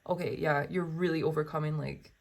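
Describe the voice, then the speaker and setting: A woman's voice: on the low side, normal speed. A woman giving a tarot reading, reading card texts aloud and chatting to viewers in a gushing, exclamatory way. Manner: gushing and exclamatory, full of wows and oh my goshes.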